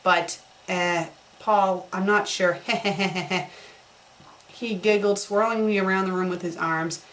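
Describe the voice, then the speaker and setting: A woman's voice: medium pitch, fairly even intonation, slow pace, fairly bright tone, poor audio. A woman doing a comedic dramatic reading of a bad fan story, breaking off for sarcastic, mocking remarks. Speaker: fanfiction critic.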